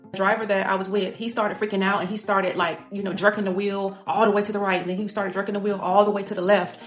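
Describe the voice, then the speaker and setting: Woman, chatty earnest vlog storytelling, lots of "you know", talks fast. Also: medium pitch. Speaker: vlogger. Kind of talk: personal storytelling monologue. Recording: echoey room with faint music.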